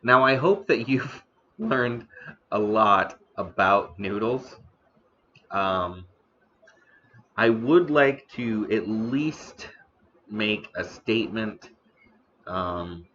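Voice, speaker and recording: A man hosting a casual live stream about the history of noodles, talking slowly with many fillers and restarts, eating now and then. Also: lowish voice, bright, forceful tone, highs cut off, slight background noise. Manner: eating on stream between remarks. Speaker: streamer host.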